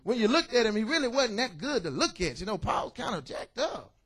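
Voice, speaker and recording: Preacher, male, high and animated, playful call-and-response sermon style. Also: a little fast, husky. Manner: lively, joking preaching with call-outs to the congregation. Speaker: pastor. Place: church.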